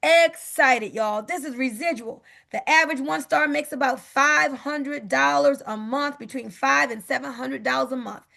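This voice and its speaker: Upbeat woman with a high, gravelly voice. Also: normal speed, few pauses, bright, forceful tone. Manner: upbeat, repeats "guess what". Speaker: presenter on a sales call. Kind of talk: enthusiastic sales pitch. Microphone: video call.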